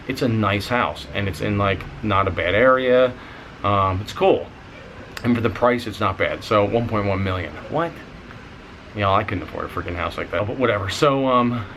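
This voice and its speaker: A young man casually telling a story on his vlog, animated, swearing freely and going higher when he gets excited. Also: slight background noise, rough recording. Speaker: vlogger.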